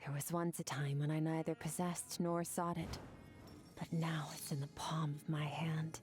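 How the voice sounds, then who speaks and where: A woman voicing a cold, composed female swordmaster disciple in a game, speaking in a solemn, measured, aloof way. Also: sits low, level tone, a little mellow, close to an everyday voice. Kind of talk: game character voice lines. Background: game music.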